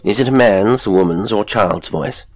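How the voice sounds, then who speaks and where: A man voicing a nervous, disgusted professor in a horror audiobook reading, speaking with a high, agitated edge. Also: moderate pace, no echo.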